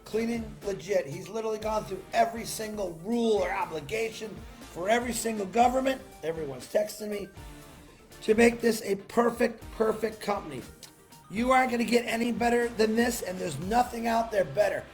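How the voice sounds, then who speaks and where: A man hosting a solo livestream, giving an excited, salesy pep talk with shouted bursts and greeting viewers from the chat by name, speaking into a laptop mic. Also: high-pitched, a little fast, soft background music. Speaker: livestream host.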